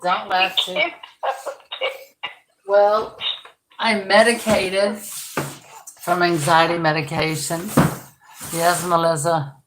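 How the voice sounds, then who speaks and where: A woman's voice: on the low side, level tone, slow pace, pauses often, echoey room, background noise. A woman restoring dolls, chatting in a rambling way and exclaiming often as she sorts her supplies at home. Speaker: doll restoration vlogger. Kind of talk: casual live-stream chat. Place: home room with stored boxes.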